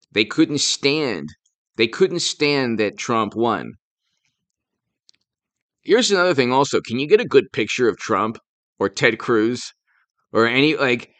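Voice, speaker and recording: A man's voice: mid-range voice, fairly bright tone, dry recording. Rambling sarcastic male live streamer. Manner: rambling, sarcastic, thanks super chat donors mid-talk. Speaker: political commentator and live streamer. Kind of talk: casual live stream commentary.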